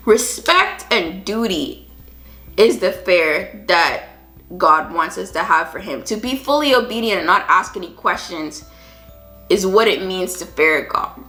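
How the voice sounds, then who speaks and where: A woman's voice: medium pitch, expressive, a little slow, bright, forceful tone. A woman hosting a Christian podcast, reading scripture and reflecting on it in an earnest way with frequent restarts. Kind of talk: Bible reading with personal commentary. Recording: echoey room with faint music.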